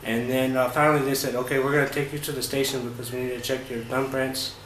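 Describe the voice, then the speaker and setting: A man vlogging about his travels, recounting events in a casual, halting way with many fillers and restarts. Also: medium pitch, flat delivery, fairly bright tone. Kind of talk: casual first-person storytelling. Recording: roomy echo with faint ambient noise.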